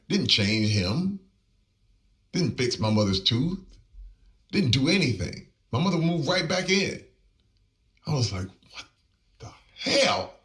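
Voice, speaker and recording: Deep, gravelly man telling a story. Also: recorded from a distance. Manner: emphatic, acts out quoted lines, pitch swings up when stirred. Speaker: interview guest. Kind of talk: emotional personal storytelling.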